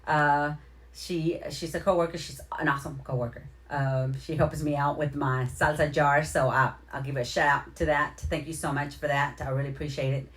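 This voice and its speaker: A woman hosting a casual livestream, giving effusive, rambling shout-outs and repeating her thanks to viewers. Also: low-pitched, steady tone, moderate pace. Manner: heartfelt, near tears at moments. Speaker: livestream host.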